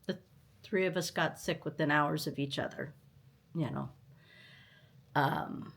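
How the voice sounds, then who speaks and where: An older woman hosting a stitching vlog from home, chatting in a rambling, unhurried way while tired and recovering from illness. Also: deep voice, fairly even intonation, a bit bright. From United States. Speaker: stitching channel host. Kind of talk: casual vlog chat.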